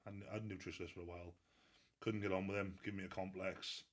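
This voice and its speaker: A man's voice: deep voice, flat delivery, fast talker. A Welsh man telling stories in a casual interview, laughing and swearing freely. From Wales. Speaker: guest strongman athlete.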